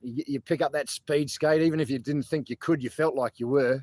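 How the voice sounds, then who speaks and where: An Australian man hosts a loose, rambling livestream from outdoors. His talk is chatty and profane, full of asides and laughter, at an ordinary mid pitch. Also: steady tone, brisk, hardly any pauses, darkish tone, no echo. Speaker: protest livestream host. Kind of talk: casual rambling livestream chat. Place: outdoors at a protest site.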